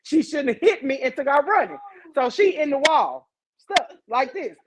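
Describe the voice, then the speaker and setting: Lively woman podcast host, fairly high voice. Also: moderate pace, noisy background. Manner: animated, profane, talks straight to listeners. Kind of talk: casual comic storytelling.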